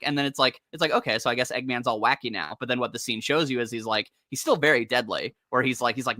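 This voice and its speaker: A man talking fast and keenly about comics, his voice bright and forward. The sound is dry and close, with no room around it. He rambles and drops into quick character voices as he retells scenes. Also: mid-range voice, no room sound. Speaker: co-host. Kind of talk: casual chat about comics.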